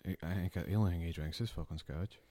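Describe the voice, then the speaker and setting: A man chatting on a podcast, sweary with wry, deadpan asides. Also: low voice, fast, dry recording. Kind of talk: casual banter.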